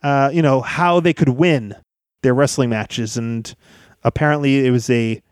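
A man hosting a podcast in a lively, chatty monologue, joking and laughing as he talks. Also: mid-range voice, unhurried, smooth, no echo, clean studio sound. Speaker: podcast host.

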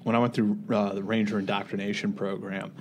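A man hosting a podcast, a veteran who chats in a relaxed, conversational way and tells stories from his service. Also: on the low side, fast talker, slight background noise. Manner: relaxed, conversational, storytelling asides. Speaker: podcast host, Army veteran.

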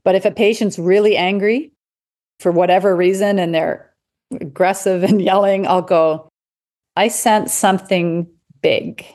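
A woman talks in a relaxed, conversational way about her work as a physician. She tells lively stories, acts out what people said and laughs easily. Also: mid-range voice, normal speed. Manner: animated storyteller, acts out quotes, laughs often. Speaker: physician guest. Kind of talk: casual conversation.

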